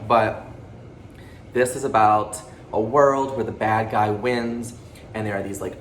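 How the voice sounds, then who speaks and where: A man hosting his own book channel, talking fast and excitably through a casual monthly reading wrap-up, jittery from a pre-workout drink and swearing freely. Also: fairly low pitch. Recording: roomy echo with faint background noise.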